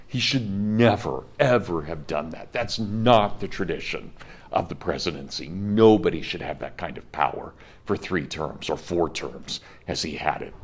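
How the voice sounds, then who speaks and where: A man's voice: low-pitched, moderate pace, breathy edge. A man in his fifties giving a college history lecture, speaking with passion and emphasis and talking directly to his students. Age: 50s. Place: classroom.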